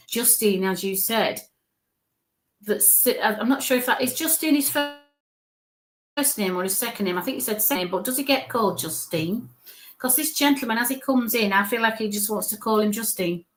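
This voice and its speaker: Northern English woman, live medium reader, talks to viewers in a warm-hearted, reassuring ramble. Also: a little high. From northern England. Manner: chatty, reassuring, repeats okay and bless you. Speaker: medium giving live readings. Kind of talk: live spirit reading to online viewers.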